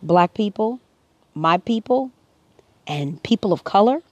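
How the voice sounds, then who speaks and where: A woman's voice: mid-range voice, animated, unhurried, darkish tone, no echo, muffled recording. A woman speaking to camera, earnest and preachy, her voice rising to emphatic peaks. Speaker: vlogger. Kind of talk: impassioned personal commentary.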